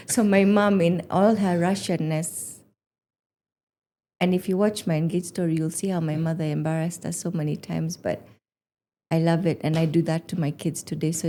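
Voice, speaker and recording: A woman's voice: fairly low pitch, moderate pace. Woman in her forties telling stories. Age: 40s. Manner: animated storyteller, acts out quotes. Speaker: podcast guest. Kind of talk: casual chat.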